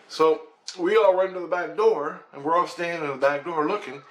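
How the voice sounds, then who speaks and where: A man from Canada telling a personal story in a casual, animated way, mimicking rotor sounds, swearing and laughing as he goes. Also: fairly high pitch, fairly quick, a little hiss or hum. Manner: animated, imitates rotor sounds and acts out quoted voices.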